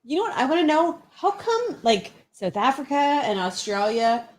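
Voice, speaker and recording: A woman's voice: sits high, very animated, moderate pace, a little hiss or hum. A Canadian woman co-hosting a livestream, playful and teasing. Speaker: co-host. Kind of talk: casual livestream chat.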